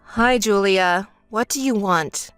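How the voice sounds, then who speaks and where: A woman voicing a calm, fed-up older sister in a texting story voice-over, flat and dismissive. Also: medium pitch, takes it slowly, smooth, no echo, soft background music, voice pushed down, lightly acted. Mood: dry.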